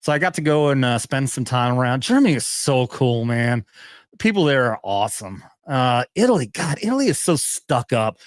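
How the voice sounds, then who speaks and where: A man's voice: mid-range voice, big pitch swings, normal speed, no echo, clean studio sound. A young adult man, a veteran hosting a show, ranting casually with constant swearing and frequent laughter. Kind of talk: casual profane commentary rant.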